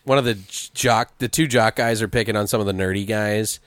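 A young man in casual chat about a film, loose and laughing, often acting out quotes in high silly voices. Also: steady tone, brisk, fairly bright tone, dry recording, studio quality.

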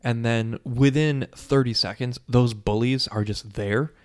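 A man in casual chat, retelling a film scene by scene with quick impressions of the characters and plenty of swearing. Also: mid-range voice, fairly even intonation, smooth. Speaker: podcast co-host recapping a movie.

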